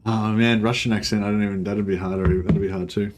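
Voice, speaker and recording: Rambling low-voiced male game streamer. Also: quick pace, low-quality recording. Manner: rambling, self-interrupting, swears casually. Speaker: gaming streamer. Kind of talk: casual gameplay commentary. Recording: steady background noise.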